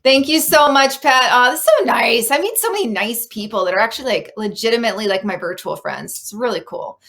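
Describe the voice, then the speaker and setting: Animated young woman hosting a talk show. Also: on the high side, a little fast. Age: young adult. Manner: animated, ranting opinions. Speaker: podcast host. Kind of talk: casual interview chat.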